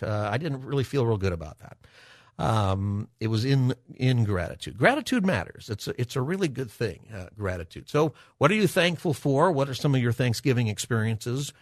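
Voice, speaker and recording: A man hosting a Christian talk radio show, speaking in a relaxed, conversational way with many filler words. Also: mid-range voice, fairly quick, no echo, studio quality. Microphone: studio microphone.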